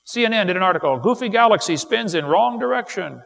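A middle-aged man giving a live seminar lecture, telling folksy stories and firing off quick jokes to a live audience. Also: sits high, lively intonation, creaky, fairly bright tone. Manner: folksy, wisecracking, quick storytelling with punchlines. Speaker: creation seminar speaker. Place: large hall with live audience. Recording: live recording in a reverberant hall.

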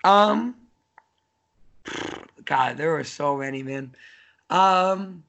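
A man's voice: a little high, animated, extremely slow, creaky, bright, forceful tone, slight background noise. A man in his thirties, a college soccer coach, chatting casually on a podcast in a rambling way full of fillers and restarts.

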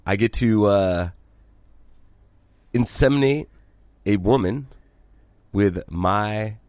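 A man's voice: on the low side, darkish tone, no echo. A man co-hosting a casual podcast, blunt and swearing freely, rambling with frequent restarts. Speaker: podcast co-host. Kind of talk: casual chat.

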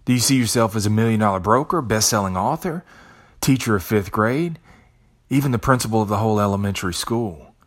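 A man's voice: lowish voice, expressive, a little fast. A man hosting a podcast, giving a profane, preachy motivational monologue. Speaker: podcast host.

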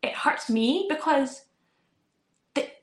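Animated woman, roomy echo. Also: high voice, takes it slowly. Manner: animated storytelling, acting out her kids' voices. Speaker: podcast co-host. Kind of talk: casual chat.

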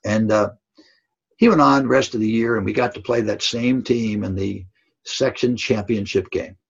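Older coach guy, raspy voice, keeps saying right?, kinda muffled recording. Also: lowish voice, steady tone, moderate pace. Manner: earnest, emphatic, tag questions like "right?". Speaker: basketball coach. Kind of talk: storytelling in a podcast interview. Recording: dull lo-fi audio.

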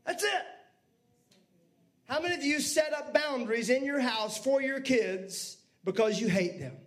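A man preaching a sermon as pastor, lively, with asides to the congregation. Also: extremely high pitch, measured pace.

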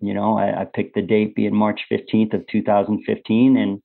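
A man telling his personal story in a candid conversation, earnest and halting with many fillers and restarts. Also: fairly low pitch, completely flat delivery, gravelly. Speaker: podcast guest. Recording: phone-like narrow band.

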